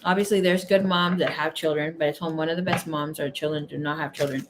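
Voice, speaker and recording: A woman hosting a casual tarot livestream, telling stories to her viewers in a chatty, animated way, laughing often and swearing freely. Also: deep voice, quick pace, a little hiss or hum. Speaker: tarot reader and livestream host.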